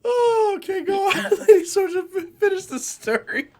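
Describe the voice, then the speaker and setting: Man, casual co-host, laughs a lot, slow unhurried delivery, bouncy pitch. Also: lively intonation, a little mellow, a little hiss or hum. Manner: laughs often, eggs the storyteller on. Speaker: co-host reading live chat. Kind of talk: casual chat.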